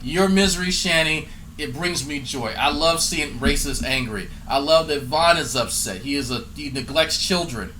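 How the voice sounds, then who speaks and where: A man's voice: a little high, moderate pace, pushed and bright, a little hiss or hum, poor audio. A man doing profane, mocking commentary as a streamer, sarcastic and swearing often.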